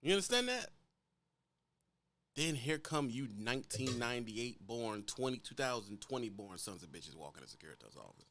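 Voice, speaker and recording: A man's voice: medium pitch, very animated, normal speed, a bit bright, a little hiss or hum. A man who drives trucks, bluntly lecturing younger drivers in a casual, profane vlog rant. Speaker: truck driver giving advice.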